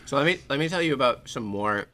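A man co-hosting a casual chat, retelling a show in an animated way with frequent swearing. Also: medium pitch, quick pace, slight background noise.

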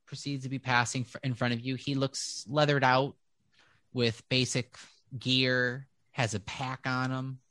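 Game master, man, casual halting narration, dry close sound. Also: medium pitch, level tone, a bit bright, no echo.

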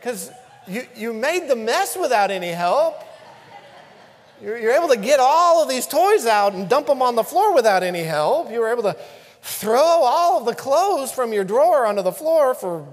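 High-voiced man preaching a sermon. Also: sing-song, moderate pace, big-room sound. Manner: preaching with dramatic swings between hushed and loud. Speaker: pastor.

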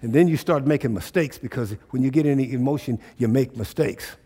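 A man preaching a sermon in a call-and-response style, often climbing into loud exhortation. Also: mid-range voice, fairly quick, slightly rough. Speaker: pastor.

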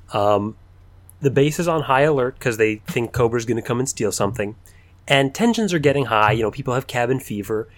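A male podcast co-host in loose, casual chat. His voice moves up and down a lot as he retells stories, and he laughs often. He talks like a friend catching up. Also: medium pitch. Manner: animated storyteller, laughs often.

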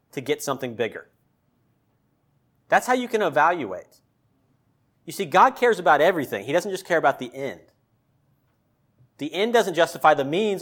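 A male pastor preaching a sermon, emphatic, with loud peaks and pointed questions to the congregation. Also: on the high side.

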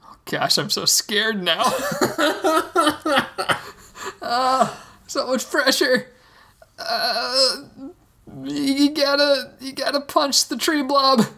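A woman with a high, bright voice reacts to an interactive story and picks what happens next. She speaks very slowly and giggles. She sounds hesitant, drawing out her words. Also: expressive. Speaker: player choosing the path. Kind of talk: casual chat.

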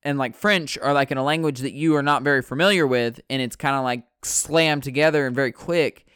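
A man's voice: mid-range voice, fairly quick, a bit bright, clear, resonant tone, no room sound, clean studio sound. A man from the United States chatting in a rambling, profane way, correcting himself as he goes. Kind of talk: casual rambling chat.

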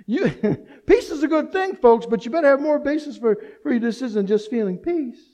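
A male pastor preaching an animated sermon, asking the congregation rhetorical questions and mixing in humor. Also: very high voice, brisk.

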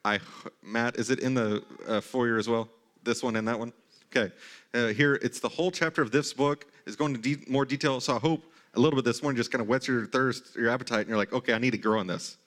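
Animated conversational pastor, mid-pitched man. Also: quick pace. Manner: conversational, animated, mock-incredulous asides. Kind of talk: sermon. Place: church sanctuary.

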